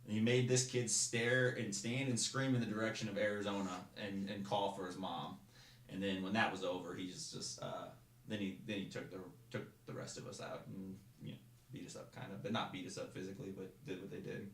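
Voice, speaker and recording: A young man tells his stories in a loose, rambling way, restarting his sentences as he goes. He talks quickly in a lowish voice. The room around him is noticeably echoey. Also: level tone, gravelly. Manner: rambling, with restarts and acted-out shouted quotes. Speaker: guest. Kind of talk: casual storytelling.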